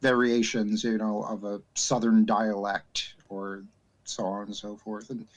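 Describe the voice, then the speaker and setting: A game master chatting between sessions, a man with a fairly low voice. He speaks haltingly, padding his talk with "uh" and restarting his sentences. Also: flat delivery. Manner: halting, many "uh" fillers and repeated starts. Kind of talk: casual chat.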